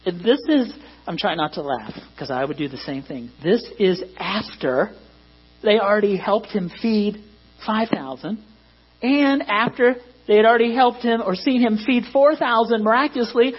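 A man's voice: sits high, lively intonation, moderate pace, breathy edge. A man preaching a sermon to a congregation in a conversational way that rises to emphatic peaks. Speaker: pastor. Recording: dull lo-fi recording with mains hum.

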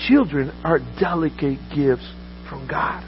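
A man's voice: fairly high pitch, lively intonation, a little slow, dull audio, soft background music. A man preaching a sermon as a pastor, earnest, often repeating words and restarting his sentences.

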